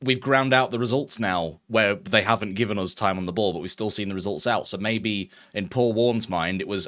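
A man from England co-hosting a football podcast, casual and rambling, prone to laughter and excited outbursts. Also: lowish voice, a little fast. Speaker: podcast co-host.

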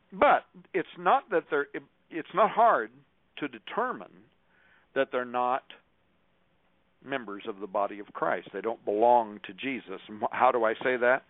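An older male preacher speaks in an emphatic, preacherly manner, citing scripture chapter and verse. His voice sits at an ordinary pitch for a man. It comes through narrow and tinny like a phone line, bone dry with no room sound. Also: dry recording. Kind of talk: radio show monologue to listeners.

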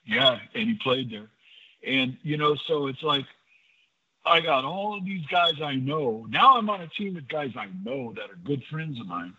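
An older man and former pitcher, a guest in an interview, telling anecdotes in a lively way and acting out the dialogue. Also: normal speed, husky. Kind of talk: storytelling in a casual interview. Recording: dull lo-fi audio.

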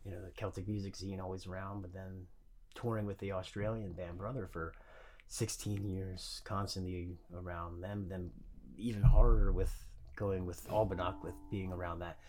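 A male guest musician chatting casually on a podcast, laid-back and soft-spoken. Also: low voice, flat delivery, moderate pace, slight background noise. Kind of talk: casual chat.

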